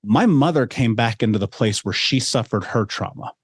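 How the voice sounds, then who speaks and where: As a podcast guest, a man in his thirties candidly tells his life story in a steady, slightly rough mid-range voice. He speaks conversationally with quick asides, and the recording is dry and close, with no room sound.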